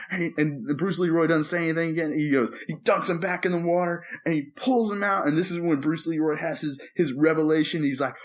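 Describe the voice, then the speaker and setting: On a podcast, a co-host who is also a preacher tells stories in casual chat, his voice on the high side. He's animated, acting out quotes and singing movie lines as he goes.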